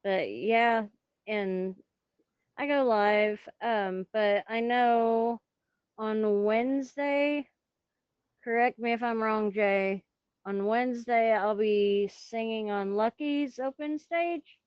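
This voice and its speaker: A woman's voice: on the high side, slow pace, clear, resonant tone, no echo, lo-fi sound. A woman guest chatting casually on a stream over a headset, rambling and giggling, breaking off to talk to her cat. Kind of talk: casual chat.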